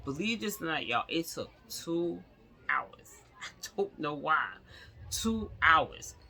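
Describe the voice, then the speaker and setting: Woman vlogger, casual storytelling to camera; lively, bright-toned delivery. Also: sits low, slow pace, gravelly, husky. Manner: animated, chatty, laughs often, addresses viewers directly.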